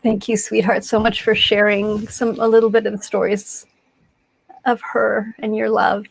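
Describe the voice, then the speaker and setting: A woman hosting a memorial service, speaking gently and affectionately to console a grieving friend on a video call. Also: mid-range voice, little pitch movement, normal speed, gravelly, slightly rough, no room sound, rough recording. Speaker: community host.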